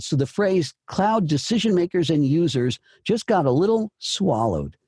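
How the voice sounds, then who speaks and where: A voice-over coach walks a voice actor through a script, encouraging them while repeating words and restarting as he explains. His voice is on the high side and sing-song, warm with a breathy edge, at a moderate pace with few pauses. The sound is clean studio audio with no room sound.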